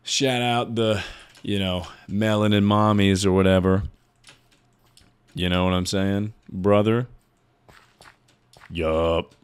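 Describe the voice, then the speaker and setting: A man's voice: on the low side, steady tone, takes it slowly, pauses often, clean tone. A man streaming live, chatting casually with his viewers in a rambling, joking way with plenty of swearing. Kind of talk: casual livestream chat.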